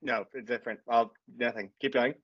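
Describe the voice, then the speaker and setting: A man's voice: medium pitch, fairly even intonation, a little fast, dry recording. A man co-hosting a podcast, chatting casually in a rambling, profane, jokey way. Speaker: podcast co-host. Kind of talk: casual chat. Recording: dull lo-fi podcast audio.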